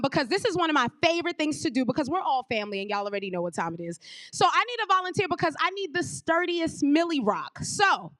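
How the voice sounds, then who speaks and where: On the stage of a performing arts venue, a high-voiced woman from Brooklyn, New York, hosts a live show, calling out to the crowd as "y'all" with energetic, hype delivery. The audio is clean studio sound with no echo.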